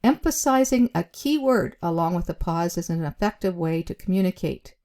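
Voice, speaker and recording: A woman with a low, mellow voice teaches interview skills to camera. She speaks deliberately, stressing key words and leaving short pauses. Her talk is chatty, with plenty of "um"s along the way. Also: expressive. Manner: chatty, with frequent fillers. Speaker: job skills instructor.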